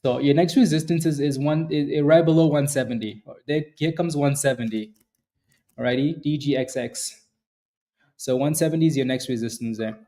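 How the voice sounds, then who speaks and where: Fairly high-pitched with a dark tone, a man speaks at normal speed as host of a stock trading livestream. He gives rambling market commentary, addresses viewers by name, and often starts sentences over.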